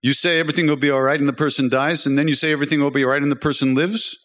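A man's voice: on the high side, steady tone, rapid-fire, fairly bright tone, long reverb tail, pitched above the performer's own voice, lightly acted. A man voicing an indignant old male devotee who scolds his guru in exasperation. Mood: incredulous. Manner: exasperated, accusing.

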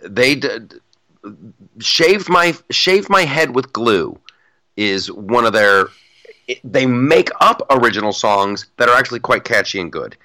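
With a medium pitch, lively intonation, and an unhurried pace, a male podcast co-host talks politics casually in a pushed, bright voice. His manner is emphatic and mock-boastful, and he repeats phrases to land his punchlines.

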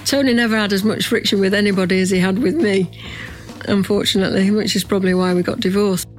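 A woman speaking briskly and candidly about a former husband in an interview. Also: medium pitch, fairly even intonation, soft background music. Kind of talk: archive interview.

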